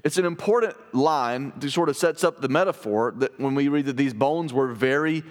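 A man preaching a sermon in a church sanctuary. His voice is mid-pitched and carries a long reverb through the hall. He talks in an earnest, explanatory way and slows down to stress the lines he reads aloud. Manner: earnest, explanatory, reads scripture slowly with emphasis. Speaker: pastor.

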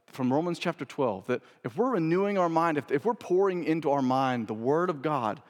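A male pastor preaching a sermon, stressing key phrases by repeating them and moving from loud to hushed. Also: on the high side, lively intonation, fairly quick. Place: church sanctuary. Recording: long reverb of a church hall.

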